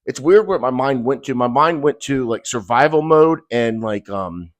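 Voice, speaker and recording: A man's voice: mid-range voice, animated, moderate pace. Agitated, swearing man telling his story. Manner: profane, agitated, intense retelling. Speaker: rideshare driver. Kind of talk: emotional first-person storytelling.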